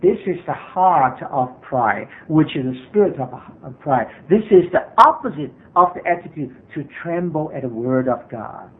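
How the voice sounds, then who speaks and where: A man's voice: a little high, expressive, moderate pace, few pauses. A man preaching a sermon as pastor, earnest and repetitive, with frequent hesitations. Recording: tinny phone-like sermon recording.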